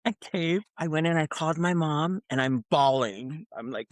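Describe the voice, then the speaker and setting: A woman from American Samoa, a podcast guest, telling her story in an animated, expressive way and acting out the quoted voices. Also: sits low, moderate pace, few pauses, no echo. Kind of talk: casual storytelling interview.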